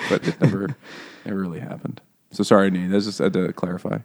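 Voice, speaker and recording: A low-pitched man riffing loosely on a podcast, cracking crude jokes and wandering off mid-sentence. His talk is casual and profane, full of restarts and asides. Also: animated, unhurried, gravelly, pauses often, darkish tone. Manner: rambling, joking, profane. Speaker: podcast co-host. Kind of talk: casual chat.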